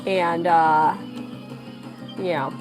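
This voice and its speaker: A woman's voice: on the low side, steady tone, very slow, darkish tone, faint music behind. A young woman chatting playfully with viewers as she draws on a live stream, answering questions and teasing her chat. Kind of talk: casual live-stream chat while drawing.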